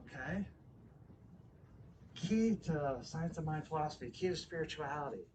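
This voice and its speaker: A man about fifty telling a personal story in a sermon, animated, swinging between loud exclamations and quiet asides. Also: fairly high pitch, normal speed, long pauses, far from the mic, a little hiss or hum, rough recording. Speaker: guest speaker at a spiritual center. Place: church hall.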